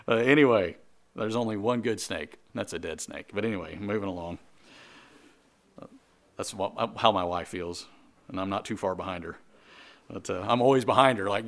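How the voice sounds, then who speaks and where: A man preaching a sermon to a congregation in a conversational way, with jokes, quick asides and repeated phrases. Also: lowish voice, a bit bright. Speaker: pastor.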